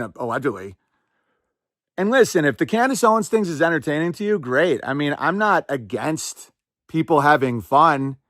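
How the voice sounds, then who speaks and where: A male podcast host talking in a somewhat high voice, rambling through sarcastic commentary full of quick asides. The sound is dry and close, with no room echo. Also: fairly bright tone. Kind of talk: casual commentary.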